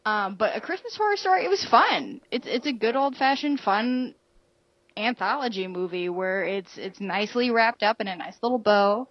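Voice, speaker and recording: A woman's voice: mid-range voice, lively intonation, normal speed, no room sound, muffled recording. A woman co-hosting a podcast, chatting casually about movies with a loose, filler-heavy way of talking. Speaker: podcast co-host. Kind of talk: casual movie review chat.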